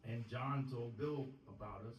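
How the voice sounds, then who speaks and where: Bandleader telling a story from a live stage. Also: male voice, mid-range voice, a little slow, slight background noise. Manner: rambling storyteller with many restarts. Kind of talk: stage banter between songs. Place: live music pub. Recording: echoey live room, distant mic.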